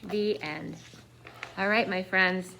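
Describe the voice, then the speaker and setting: Slow, expressive woman reading a picture book. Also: medium pitch, gravelly, a little hiss or hum. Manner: expressive, dips into whispers. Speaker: storyteller. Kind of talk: picture-book read-aloud for children.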